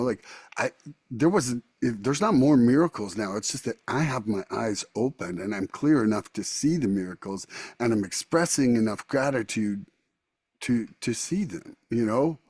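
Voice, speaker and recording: A man hosting a recovery podcast, talking in a rambling, animated way. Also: lowish voice, no room sound. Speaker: podcast host. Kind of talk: casual recovery podcast chat.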